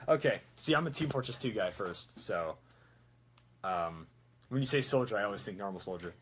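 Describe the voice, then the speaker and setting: A man's voice: on the low side, lively intonation, normal speed, slight background noise. A man chatting casually while making a prop, rambling with self-mocking jokes. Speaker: prop maker. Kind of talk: casual workshop chat.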